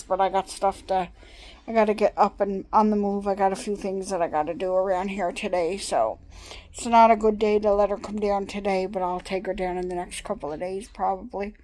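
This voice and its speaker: A woman's voice: medium pitch, a little mellow, rough recording. A middle-aged woman talking casually into her phone camera for her vlog, rambling and chatty with small laughs. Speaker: vlogger.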